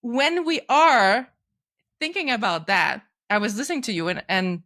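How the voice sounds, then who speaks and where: A woman podcast host who talks thoughtfully and rambles a little, often pausing to search for words. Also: a little high, expressive, fairly bright tone. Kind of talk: casual podcast chat.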